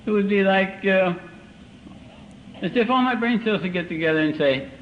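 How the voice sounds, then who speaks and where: A man's voice: sits high, lively intonation. Wry older man telling a live story. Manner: dry self-mocking humor, slow deliberate timing. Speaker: recovery meeting speaker. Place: meeting hall. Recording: muffled old live recording with faint hiss.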